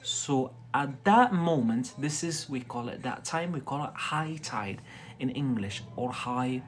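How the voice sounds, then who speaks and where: A man from Algeria, giving a live-streamed English lesson, talking deliberately and checking in with "yeah?" after most phrases. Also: medium pitch, expressive. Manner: deliberately slow, frequent "yeah?" check-ins. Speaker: English tutor livestreamer.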